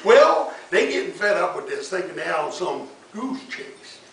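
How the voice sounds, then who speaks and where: High-voiced folksy male storyteller. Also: big pitch swings, moderate pace, a bit bright, a little hiss or hum. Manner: folksy, chuckling. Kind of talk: folk tale storytelling. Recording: echoey room, mic far off.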